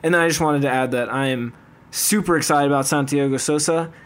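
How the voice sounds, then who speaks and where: A man's voice: on the high side, fairly quick. Eager, upbeat man on a podcast. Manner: eager and upbeat, telling stories. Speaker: podcast co-host. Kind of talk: casual chat.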